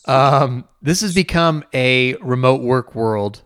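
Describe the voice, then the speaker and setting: Male interviewer, relaxed and encouraging, casual questions, mid pitch, dry sound. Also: takes it slowly, smooth, no room sound.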